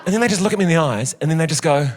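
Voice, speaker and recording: A man performing stand-up comedy on a theatre stage, telling self-mocking stories in a camp, animated way. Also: on the high side, very fast, heavy background noise. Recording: loud audience laughter in a theatre.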